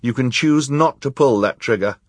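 A man's voice: medium pitch, moderate pace, dry recording, voice pushed up, natural voice. A man voicing a brave, bookish boy who speaks firmly in a storybook reading.

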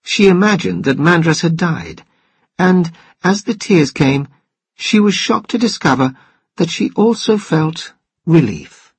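A man narrating a novel in steady, even storytelling, with a husky voice. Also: fairly high pitch, measured pace, no room sound. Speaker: audiobook narrator. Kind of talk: scripted narration.

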